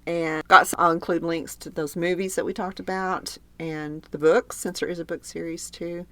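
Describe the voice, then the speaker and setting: A woman with a Southern US accent hosting a podcast, talking in a quick, chatty way and laughing easily. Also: lowish voice, little pitch movement, pushed and bright. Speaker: podcast host. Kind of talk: casual chat.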